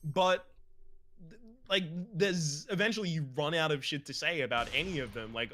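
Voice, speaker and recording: A man's voice: a little high, normal speed, bright, forceful tone, slight background noise. A man co-hosting a let's play, chatting casually while gaming in a rambling, opinionated way and swearing freely.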